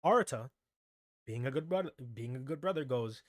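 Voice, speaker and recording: Male anime-recap vlogger, mid-pitched, loose and rambling delivery, dead-dry close sound. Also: lively intonation, brisk, no room sound. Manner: rambling, keeps adding "right?" and restarts. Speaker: anime commentary host.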